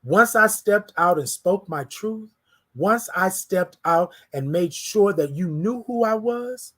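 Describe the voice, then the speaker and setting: A host delivering an inspirational morning talk in an emphatic, preacherly way. The speaker keeps repeating key phrases and addresses listeners directly in casual slang. The voice sits at a middle pitch. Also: lively intonation, slow pace, fairly bright tone.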